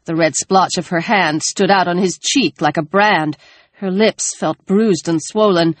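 A woman narrating an audiobook in a steady, measured storytelling manner. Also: on the low side, no room sound. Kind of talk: scripted narration.

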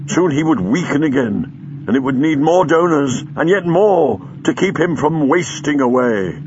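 A man narrating an audiobook in a measured, expressive storytelling manner, recorded in a slightly muffled studio read. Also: a little high, background noise.

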